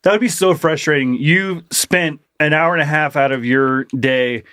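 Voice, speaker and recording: A man co-hosting a podcast, telling stories in a casual, animated way with some swearing. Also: fairly high pitch, moderate pace, dry recording, studio quality. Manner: animated, profane storytelling. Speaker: podcast co-host. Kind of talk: casual chat.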